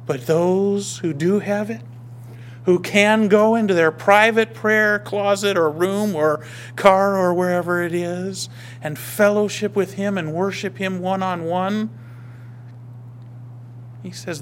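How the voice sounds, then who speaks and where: A male pastor preaching a sermon, emphatic, swinging between raised declarations and hushed whispers. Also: high voice, steady tone, takes it slowly, a little hiss or hum.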